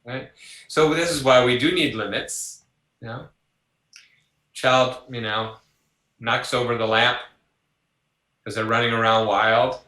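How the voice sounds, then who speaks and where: An older man, a psychologist, talking through an interview in an animated way and acting out voices in his stories. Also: mid-range voice, slow, long pauses, reverberant, low-quality recording. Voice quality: animated, acts out voices in anecdotes. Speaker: psychologist guest. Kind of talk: conversational interview.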